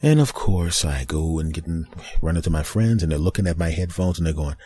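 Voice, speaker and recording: A man's voice: low voice, expressive, brisk, mellow, breathy edge. A man hosting a comedy podcast, telling a self-mocking story animatedly with scat sound effects. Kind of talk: comic storytelling monologue.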